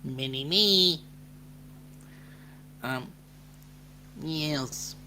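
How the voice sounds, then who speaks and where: A man's voice: a little high, extremely slow, pushed and bright, slight background noise. A man with an Australian accent co-hosting a casual livestream chat, reading out viewer comments with a joking, teasing manner.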